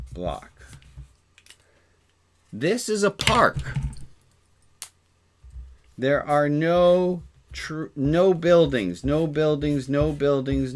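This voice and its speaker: A man's voice: mid-range voice, slight background noise. A man, a rabbi, talking casually on a livestream, earnest and emotional, thinking aloud as he points out places on a map and sometimes swearing.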